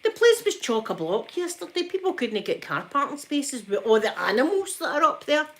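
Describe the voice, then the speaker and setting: A Scottish woman with a high, sing-song voice chats casually at a normal pace during a live stream from home while ironing. She talks freely, laughs often, and addresses people in the chat by name.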